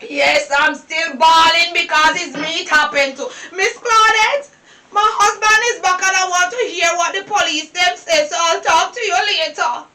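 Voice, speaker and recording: A Jamaican woman playing a distraught older woman who has been robbed, sobbing and wailing her complaints in a low-budget drama. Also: moderate pace, pushed and bright. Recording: roomy, distant mic.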